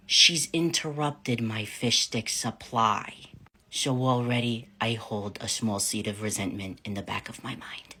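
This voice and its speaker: Animated New England-accented man. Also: lowish voice, breathy edge. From New Hampshire. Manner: profane, wry, gets louder and more animated as he goes. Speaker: vlogger. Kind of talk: casual storytime monologue.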